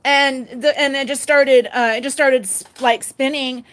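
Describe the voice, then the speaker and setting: Slow, bright-voiced woman chatting outdoors. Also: high voice, fairly even intonation. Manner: rambling, laughs often, restarts sentences. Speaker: vlogger showing her pet pig and garden. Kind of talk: casual chat. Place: outdoors in a home garden.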